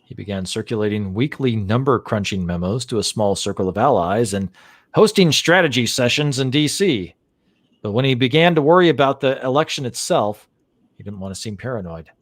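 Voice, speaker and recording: A man hosting a live chat show reads a news article aloud, then drifts into indignant, rambling commentary full of restarts. His voice sits at an ordinary middle pitch. The sound is close and dry, with no room around it. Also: expressive, brisk, no room sound. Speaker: podcast host.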